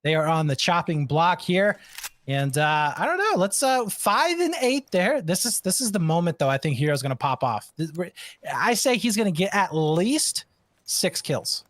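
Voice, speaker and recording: A man's voice: high voice, sing-song, normal speed, fairly bright tone, dry recording. A man giving laid-back, chatty commentary on an esports match. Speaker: esports caster. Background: game gunfire and clicks.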